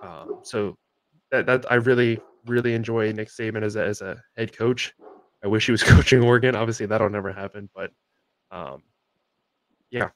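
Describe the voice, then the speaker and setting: A young man co-hosting a sports podcast tells a long story in a casual, rambling way, full of fillers and restarts. His voice is lowish and steady, at a moderate pace.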